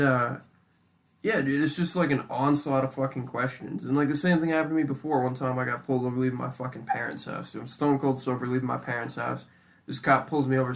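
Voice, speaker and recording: Casual male co-host, rough fry in the voice, animated and profane. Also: mid-range voice, brisk. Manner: animated, heavy swearing, says "dude" a lot. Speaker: podcast co-host. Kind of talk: casual chat.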